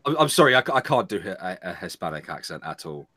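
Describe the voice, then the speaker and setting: A man hosts a casual chat with a lively, swooping voice that rises and falls a lot. He jokes, laughs often and trips over his own words. The sound is close and dry. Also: deep voice, fast talker, breathy edge, no echo. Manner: joking, laughs often, stammers into restarts. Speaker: host of an online talk show.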